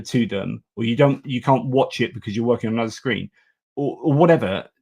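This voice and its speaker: A man hosts a live news stream in a loose, talkative way. He gives blunt opinions and often stops to restart his sentences with "um" and "uh". His voice sits at a middle pitch for a man. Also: darkish tone, husky. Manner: chatty and opinionated, with frequent fillers and restarts. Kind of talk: casual live-stream commentary.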